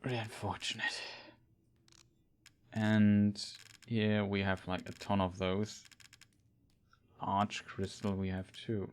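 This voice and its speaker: Male streamer, lowish voice, relaxed hesitant play-along commentary. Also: slow, long pauses. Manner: thinking aloud, hesitant with fillers. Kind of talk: casual gameplay commentary.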